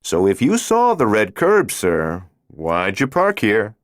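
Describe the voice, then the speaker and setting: A man's voice: lowish voice, huge pitch swings, takes it slowly, no room sound, clean studio sound, heavily acted. A male narrator voicing a friendly, curious patrol cop with a playful, tentative manner in an audiobook.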